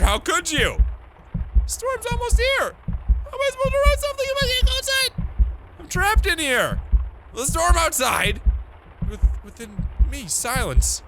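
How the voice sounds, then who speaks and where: A man voicing an anxious young woman composer in a video game, speaking in a frantic, shrill way. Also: big pitch swings, measured pace, hardly any pauses, darkish tone, a little hiss or hum, poor audio.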